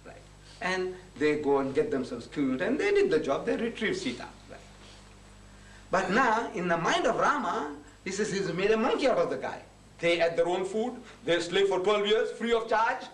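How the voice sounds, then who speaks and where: Give me an animated man telling stories at a lecture, his voice swooping high and low. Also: moderate pace. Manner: animated, acts out conversations with shifting voices. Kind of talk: public lecture, storytelling. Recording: echoey hall, heard from a distance, faint hiss.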